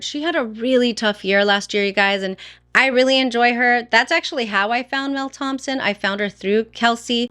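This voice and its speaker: A woman talking straight to her audience as a beauty vlogger, chatty and enthusiastic. Her pitch sits in the middle range, and she fills her sentences with little "um"s and "like"s. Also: fairly bright tone. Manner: chatty, enthusiastic, with frequent fillers. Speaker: beauty YouTuber. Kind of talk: casual chat to camera.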